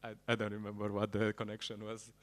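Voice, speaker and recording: A man giving a sermon at a temple program, telling stories in a halting way and laughing at his own jokes. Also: lowish voice, monotone.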